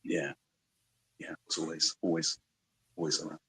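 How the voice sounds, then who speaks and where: Deep-voiced London man, gravelly, husky, slight American twang, reflective radio guest. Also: flat delivery, normal speed, fairly bright tone, poor audio. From London, England. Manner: reflective, rambling, full of "you know" and "like". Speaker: musician guest. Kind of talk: casual radio interview chat.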